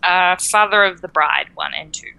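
Low, gravelly woman. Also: normal speed, pushed and bright, poor audio. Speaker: guest film critic. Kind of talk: casual interview chat.

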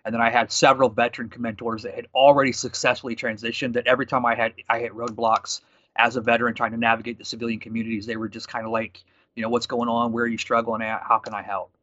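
Guy in his 30s talking fast, bright voice, kinda muffled dull audio. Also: mid-range voice, no echo. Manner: fast, animated storytelling with quoted dialogue. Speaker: guest. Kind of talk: conversational storytelling.

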